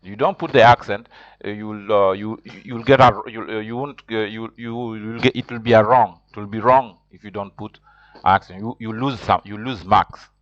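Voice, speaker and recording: A man teaching a beginner language lesson, hesitant with many fillers and restarts, repeating words slowly and carefully. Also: fairly low pitch, fairly even intonation, a bit bright, muffled recording. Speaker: French teacher.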